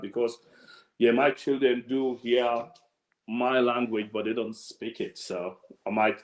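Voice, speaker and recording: A man's voice: medium pitch, reverberant. A man from Sierra Leone with a Sierra Leonean accent, hosting an event on a video call, chatty and full of anecdotes. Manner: chatty, anecdotal, laughs often. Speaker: event host.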